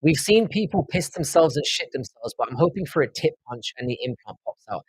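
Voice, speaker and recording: A man with a South London accent chats loosely on a live stream, swearing freely and wandering between topics. His voice is husky and slightly rough. The sound is dry and close, with almost no room echo. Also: on the high side, expressive, a little fast. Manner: rambling, profane banter, answers viewers' chat. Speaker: livestream host. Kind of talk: casual live-stream chat.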